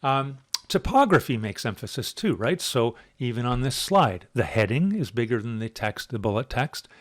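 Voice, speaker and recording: A man lecturing a university writing class in a casual, chatty way, full of fillers and asides, shifting loudness and pitch for emphasis. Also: big pitch swings, moderate pace.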